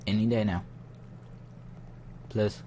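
A man's voice: on the low side, steady tone, takes it slowly, dark tone, slight background noise. A young man muttering to himself as he comments casually on his game, getting easily frustrated. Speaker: gaming channel host.

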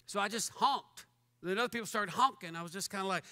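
Animated pastor preaching in a reverberant church. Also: male voice, sits high, fast talker. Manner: animated, mock-angry, joking. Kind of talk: fiery sermon. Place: church sanctuary. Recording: long church hall reverb.

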